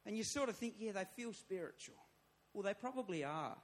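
A man's voice: high-pitched, lively intonation, brisk. A man, a church pastor, preaching a sermon, emphatic and repeating his phrases as he builds to raised appeals.

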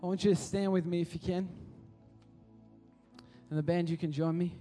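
A man's voice: high-pitched, steady tone, moderate pace, warm tone, distant mic, faint music behind. A man preaching a casual sermon at kids church, full of restarts, that builds to passionate appeals. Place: church hall.

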